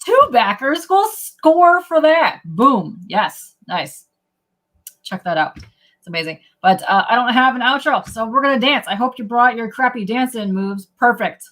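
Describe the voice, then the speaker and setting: A woman's voice: on the high side, expressive, moderate pace, fairly bright tone. A woman hosting a casual livestream chat, upbeat and joking as she talks with her guest. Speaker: livestream podcast host.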